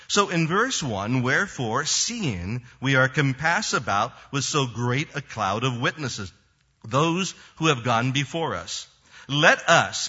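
Husky male pastor preaching with animated swings. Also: medium pitch, highs cut off. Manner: animated preaching with sudden rises and soft drops. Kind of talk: sermon.

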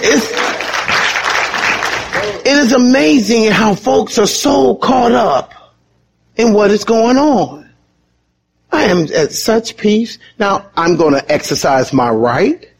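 A man preaching a sermon in an animated, conversational way, with sudden high emphatic bursts and quick chuckles. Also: a little hiss or hum. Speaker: pastor.

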